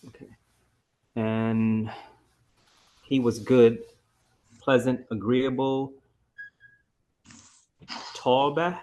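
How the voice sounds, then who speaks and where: A male student on a video call who talks slowly and hesitantly. He fills his pauses with "uh" and apologizes often as he tries the words. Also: mid-range voice, fairly even intonation, darkish tone. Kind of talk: reciting in an online class.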